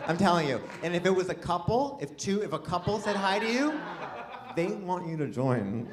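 A man's voice: on the high side, lively intonation, moderate pace, crowd noise, background noise. Rambling self-deprecating stand-up man. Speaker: stand-up comedian. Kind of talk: stand-up comedy set. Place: live comedy venue with audience.

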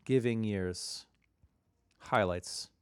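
A man's voice: on the low side, drawn-out words, smooth, no echo, clean studio sound. A man co-hosting a casual radio chat, talking in a rambling, enthusiastic way with lots of fillers. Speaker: radio show co-host, record label owner.

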